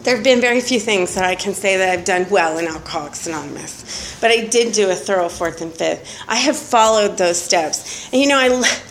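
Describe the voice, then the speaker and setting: A middle-aged woman speaking at a recovery meeting, telling her story candidly and profanely, with animated retellings and bursts of laughter. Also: mid-range voice, fairly quick, slight background noise.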